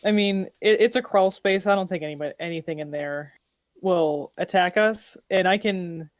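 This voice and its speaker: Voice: mid-range voice, moderate pace, no echo. Dry-recorded player explaining plans. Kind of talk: casual tabletop game chat.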